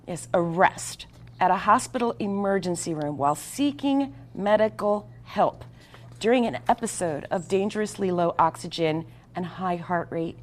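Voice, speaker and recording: A woman host with a slightly low voice reads out a long guest introduction. She sounds earnest and puts weight on key words. Now and then she trips over a word and corrects herself. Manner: earnest, emphatic, with small stumbles. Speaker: talk show host.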